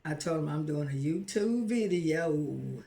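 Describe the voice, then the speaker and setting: Woman, home cooking host, casual live chat, excitable, laughs often, slow drawn-out delivery, roomy echoey kitchen. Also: low voice, creaky. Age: adult, married. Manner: chatty and excitable, laughs often, talks straight to viewers. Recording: roomy echo.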